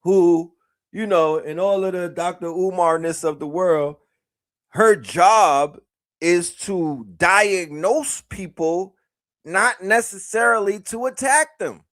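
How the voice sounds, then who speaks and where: A man's voice: high-pitched, slow pace, a bit bright, no echo, studio quality. A man giving loose, mocking reaction commentary on a clip. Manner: mocking, loose, laughing asides.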